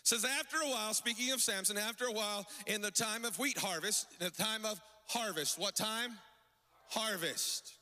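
A man's voice: high-pitched, normal speed, pushed and bright, in a large hall. A male pastor preaching a sermon in a rhythmic, sing-song cadence, repeatedly calling out to his congregation.

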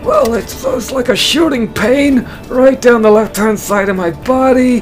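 Sketch comic, slow and hesitant, music bed. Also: medium pitch, animated. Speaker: comedy sketch performer. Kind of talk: sketch comedy.

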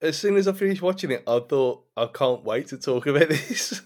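A man's voice: a little high, animated, moderate pace, darkish tone. Male co-host, chatty, laughs a lot, casual review chat. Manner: laughs often, loose and chatty. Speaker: podcast co-host.

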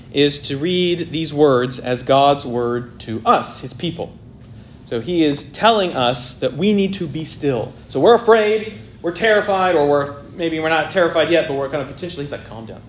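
A man preaching an expository sermon, swelling loud on key points and dropping very soft, with faint noise behind him. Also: on the high side, normal speed.

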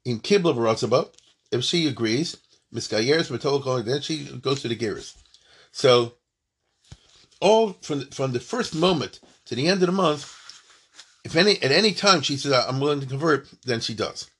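A man teaching Jewish law in a lively lesson, reading from a text and explaining it with jokes and rhetorical questions. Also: normal speed. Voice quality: husky. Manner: joking, rhetorical questions, big swings in pitch and loudness.

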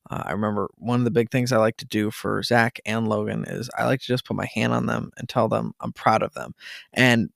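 A man in his thirties talks straight to his listeners in a casual, earnest way, often repeating words as he gets going. His voice has a gravelly, fry-heavy edge. The sound is dry and close, with little room around it. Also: fairly low pitch, fairly even intonation, a little fast, no echo. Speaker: podcast host. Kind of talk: casual solo talk to listeners.

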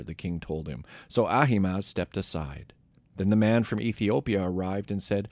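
A man giving a steady, measured scripted scripture reading. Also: on the low side, dry recording. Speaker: scripture reader.

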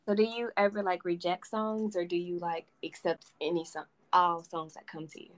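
A woman hosting a casual interview, asking curious questions in a relaxed way. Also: lowish voice, normal speed, poor audio. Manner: curious, casual, full of fillers. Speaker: podcast host.

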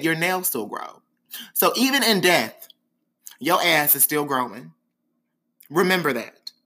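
Bright-voiced, dramatic male podcast host. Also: medium pitch. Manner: dramatic, expressive storyteller; frank and sassy. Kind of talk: candid podcast monologue.

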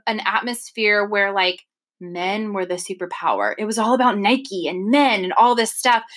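A woman's voice: mid-range voice, fairly bright tone. A woman co-hosting a podcast in casual chat, talking chattily with lots of "like" and "oh my gosh". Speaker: podcast co-host.

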